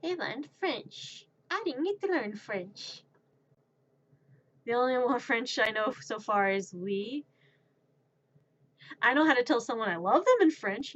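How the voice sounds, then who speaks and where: A woman's voice: a little high, expressive, unhurried, pauses often. A woman streamer rambling playfully in casual livestream chat. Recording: dull lo-fi stream audio.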